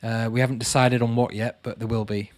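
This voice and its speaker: A man's voice: medium pitch, flat delivery, a little fast, a little mellow, no echo. A man hosting a casual livestream, reading out viewers' comments and chatting back to them. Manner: chatty, calls viewers mate, reads comments aloud. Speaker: channel host answering live chat.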